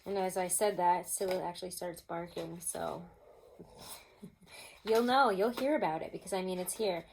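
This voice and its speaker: A woman giving a casual tarot reading at home, chatty and expressive, laughing often and throwing in mock-exasperated asides. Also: on the low side, moderate pace, vocal fry, a little hiss or hum. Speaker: tarot reader.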